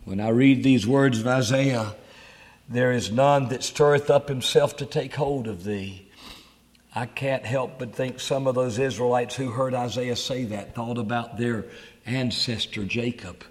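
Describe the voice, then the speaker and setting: A man's voice: medium pitch, unhurried. A man preaching a sermon at a camp meeting, earnest and pleading.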